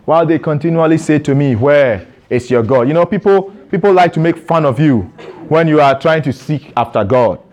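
A man's voice: fairly high pitch, a little fast, a little mellow. A man preaching a sermon to a congregation in a church, asking rhetorical questions and calling for responses.

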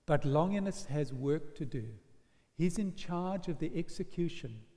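A man preaching a sermon, telling a story in an animated way and acting out the voices of its people. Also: a little high, unhurried. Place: church. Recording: long church hall reverb.

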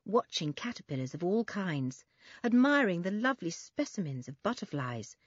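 A woman narrating a children's adventure story in an expressive, lively reading. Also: on the low side, slightly rough, dry recording, muffled recording. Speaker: audiobook narrator.

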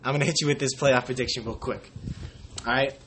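A man's voice: mid-range voice, fairly even intonation, quick pace, a bit bright, slight background noise. A young man hosting a casual sports podcast, joking and rambling, slipping into silly quoted voices. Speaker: podcast host.

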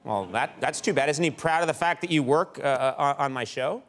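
A man hosting a late-night talk show, bantering with a staff member in a halting, exasperated, incredulous way. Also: on the high side, fairly bright tone. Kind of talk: comedic banter with a studio guest. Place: TV studio stage. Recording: live studio audience behind.

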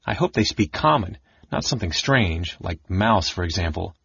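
A man voicing a nervous young male kender turned into a mouse, squeaking and stammering. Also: animated, normal speed, gravelly, a bit bright, slightly rough, dry recording, lo-fi sound, full character voice. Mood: anxious.

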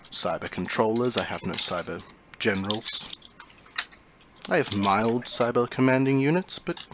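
A man voicing a cold, smug villain who rules a cyborg swarm, speaking softly with a sneer and half-whispers. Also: lowish voice, slight background noise.

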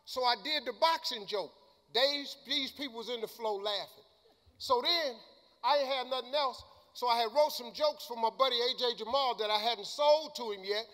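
An older man giving a motivational speech and telling stories, colloquial and emphatic, sometimes shouting. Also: very high-pitched, normal speed. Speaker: motivational speaker. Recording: long hall reverb.

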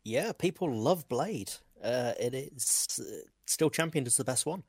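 A man co-hosting a casual podcast, enthusiastic and joking, full of quick asides. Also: medium pitch, expressive, a little mellow, breathy edge, no room sound, studio quality. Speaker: podcast co-host. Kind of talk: casual chat.

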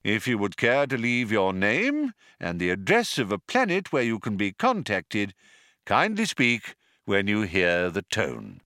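A man reading an audiobook and voicing an old recorded announcer from an ancient world, hollow and reedy, polite with quiet menace. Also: on the low side, huge pitch swings, a little slow, no echo, studio quality, exaggerated voice. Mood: courteous.

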